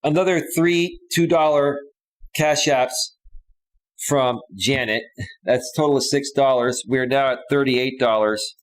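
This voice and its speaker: A man's voice: medium pitch, a little slow. A man hosting a live stream, casually chatting and reading out viewer comments and donations. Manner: laid-back, says "bro" and "man" often.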